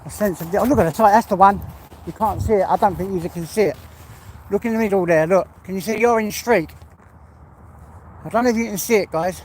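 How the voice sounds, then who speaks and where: A high, darkish-toned voice comes from an older English retiree vlogging on a rural walk by water with his dog, speaking a little fast but with long pauses. He rambles casually to viewers, and there's a little hiss or hum.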